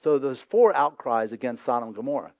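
A male pastor preaching a sermon in a lively, conversational way, acting out voices from the scripture scenes. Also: mid-range voice, brisk, vocal fry, dry recording, muffled recording.

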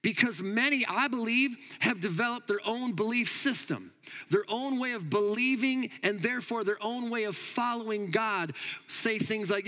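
Pastor guy preaching, kinda high voice, goes loud then quiet, big echoey church. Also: normal speed. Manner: emphatic, swings between loud urging and quiet asides. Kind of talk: sermon. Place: church hall.

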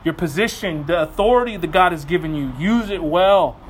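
Casting: male pastor, thirties, light high voice, earnest preaching, animated when telling stories. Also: slight background noise. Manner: earnest, animated storytelling with quick asides. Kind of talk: sermon.

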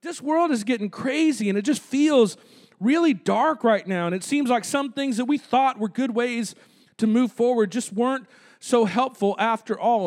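A male pastor preaching a conversational sermon in a church, calling out to the congregation. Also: very high-pitched. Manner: conversational preaching with audience call-outs. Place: church sanctuary.

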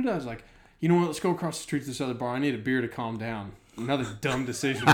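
Man telling a lively story. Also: mid-range voice. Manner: animated anecdote-telling, laughing through the story. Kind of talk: casual storytelling chat.

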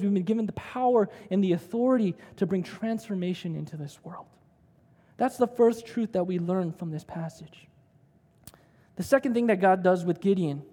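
A man's voice: sits high, warm tone. A man preaching a sermon, telling personal stories in a conversational way and often asking "right?". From United States. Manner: conversational storytelling with frequent "right?". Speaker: pastor. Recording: long hall reverb.

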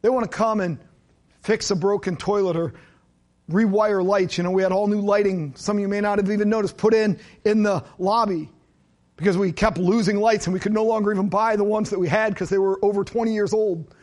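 High-voiced pastor preaching. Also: male voice, fairly even intonation, a little fast, a little mellow. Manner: conversational preaching with asides and jokes. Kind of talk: sermon.

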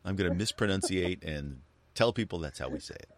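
Very deep-voiced man chatting loosely. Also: expressive, brisk, no room sound. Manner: rambling, joking, with many restarts and fillers. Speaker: co-host. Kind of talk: casual chat.

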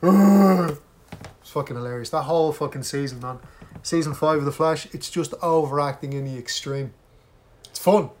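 A man's voice: mid-range voice, steady tone, a little fast. A man in casual chat with a friend, ranting animatedly and swearing heavily.

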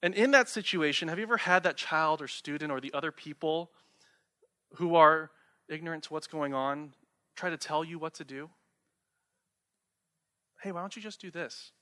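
Bright-voiced male preacher, conversational. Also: a little high, normal speed. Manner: conversational preaching with rhetorical questions. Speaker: pastor. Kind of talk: sermon.

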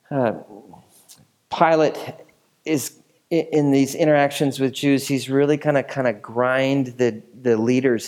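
A man's voice: mid-range voice, a little mellow. A man preaching a sermon as a pastor, teaching in a casual, conversational way with asides and questions to the congregation.

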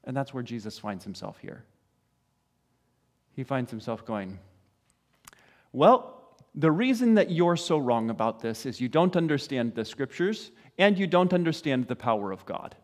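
A man's voice: mid-range voice, sing-song, a little slow, long pauses. A man preaching a sermon, talking conversationally and building to emphatic rhetorical questions. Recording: long hall reverb.

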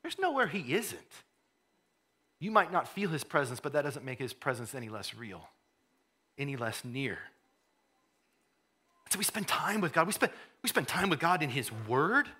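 A man preaching a sermon, conversational, repeating words as he goes, then rising to fervent emphasis and dropping to a hush. He says he has a cold. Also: on the high side, big pitch swings, moderate pace, pauses often, husky. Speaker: pastor.

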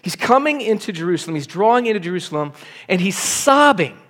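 A male pastor delivers a sermon in church, his speaking voice sitting a little higher than most men's. He preaches earnestly and presses into urgent appeals to the congregation. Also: very animated, brisk, fairly bright tone. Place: church service.

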